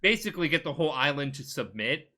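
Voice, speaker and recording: A tipsy male podcast host rambles through a video game story as a casual comedic retelling, swearing often and restarting mid-word. His fairly high voice is very animated, fast, and sharp in tone.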